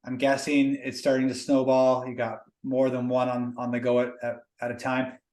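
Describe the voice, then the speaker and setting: A man's voice: mid-range voice, completely flat delivery, moderate pace, a little mellow. A man, hosting an interview in a casual, inquisitive way. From Canada. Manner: casual, many fillers and restarts, inquisitive. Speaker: podcast host, mortgage broker. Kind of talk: interview conversation. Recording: roomy echo.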